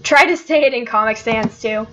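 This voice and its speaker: A bossy, snarky cat from a game, insulting everyone in a bright, fairly high voice, as a woman reads her. The recording is slightly dull with faint hiss. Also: normal speed. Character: rude bossy cat protagonist.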